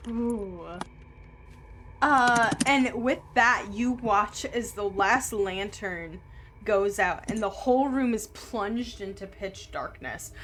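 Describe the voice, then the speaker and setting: A woman running a tabletop game as game master, narrating scenes in an unhurried, descriptive way. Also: mid-range voice, fairly bright tone, slight background noise.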